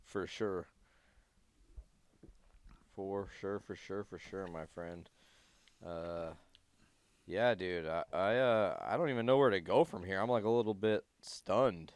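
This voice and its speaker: A laid-back man on a casual podcast, with a smooth, resonant voice. The sound is dry and close, and he lets his remarks fade off softly. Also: low-pitched, takes it slowly, pauses often, no echo. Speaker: podcast co-host. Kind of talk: casual chat.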